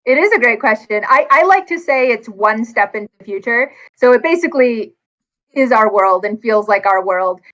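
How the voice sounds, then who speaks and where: A woman author talks casually with a fairly high voice. She speaks quickly and with a lot of energy. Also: expressive, fairly bright tone, muffled recording. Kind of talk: casual conversation.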